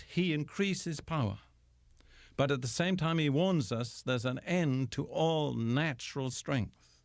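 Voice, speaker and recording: An older man giving a radio Bible teaching, slow and deliberate, with emphatic pauses. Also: mid-range voice, dry recording, clean studio sound.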